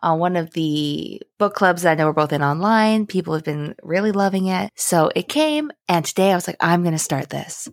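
A young woman talks casually as a podcast co-host, with a slightly low voice and chatty, animated storytelling. She is recorded close, with a dry sound and no room echo. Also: a little fast, hardly any pauses. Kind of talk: casual chat.

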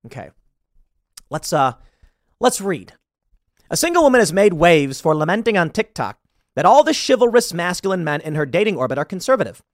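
A man's voice: sits high, very animated, fairly quick, pauses often, no echo, studio quality. A man hosting a commentary show, reading out a news story and mocking it with sarcastic asides. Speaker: show host.

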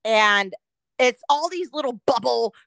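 A woman's voice: fairly high pitch, lively intonation, measured pace, gravelly, a bit bright, no room sound. A woman co-hosting a podcast in casual chat, ranting profanely and laughing often. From Oregon, US. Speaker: podcast co-host.

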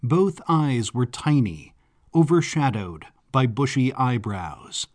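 A man narrating a story in a measured, descriptive way. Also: mid-range voice, big pitch swings, a little mellow. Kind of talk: scripted audiobook narration. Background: faint background music.

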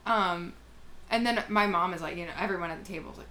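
A woman's voice: medium pitch, a little fast. Young woman podcast cohost, chatty and sweary, acts out quotes, slight background noise. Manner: storytelling, profane, animated quoting. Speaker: podcast co-host. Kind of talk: casual chat.

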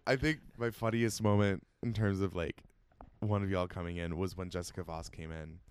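A man's voice: deep voice, steady tone, normal speed, smooth. A man hosting a podcast who chats casually and tells stories, laughing easily. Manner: chatty storyteller, laughs easily. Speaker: podcast host. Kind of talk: casual interview chat.

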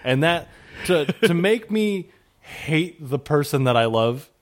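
A man's voice: fairly high pitch, expressive, takes it slowly. A man chatting casually about comics, passionate and profane, acting out his exasperated reactions.

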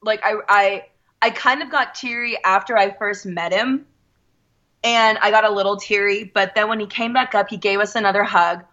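A woman in her thirties telling a story in a casual chat, animated and quoting people as she goes. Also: mid-range voice, moderate pace, dull audio. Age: 30s. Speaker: guest.

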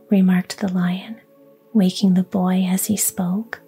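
Woman whispering a fairy tale slowly. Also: fairly low pitch, flat delivery, mellow, husky, faint music behind. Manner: whispers throughout. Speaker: storyteller.

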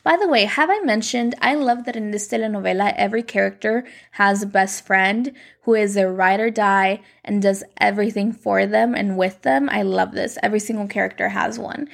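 A young woman casually recapping a telenovela plot, talking quickly and quoting the characters in her own voice. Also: mid-range voice, gravelly. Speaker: show recap host.

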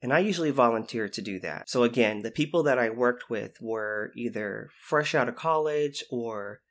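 Animated storytelling man. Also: mid-range voice, moderate pace. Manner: animated, acts out quoted voices. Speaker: guest, former youth intervention specialist. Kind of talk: storytelling anecdote.

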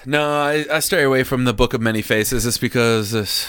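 A man co-hosting a podcast, trading crude jokes and curses in loose casual chat. His voice is smooth and resonant. The sound is dry and close to the mic. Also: medium pitch, fairly quick, a bit bright, dry recording. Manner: crude, joking, swears a lot. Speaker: podcast co-host.

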